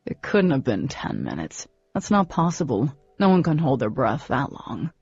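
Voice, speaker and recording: A woman's voice: rumbling low, very animated, moderate pace, a little mellow, slightly rough, dry recording, highs cut off, pitched below the performer's own voice, heavily acted. Woman voicing a cocky teenage boy. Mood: teasing. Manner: dismissive, teasing.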